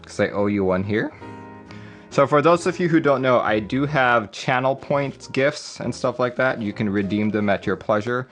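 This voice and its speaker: A man hosting a casual livestream, rambling and chuckling as he reads viewer messages. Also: lowish voice. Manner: rambling, chuckling, reading chat aloud. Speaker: livestream host. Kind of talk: casual live-stream chat.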